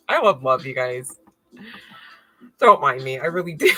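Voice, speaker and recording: Excitable tarot lady, bright voice, thinking out loud, soft music behind. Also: deep voice, a little slow, long pauses, rough recording. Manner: excitable, laughing, thinks aloud. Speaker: tarot reader. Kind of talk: live tarot reading.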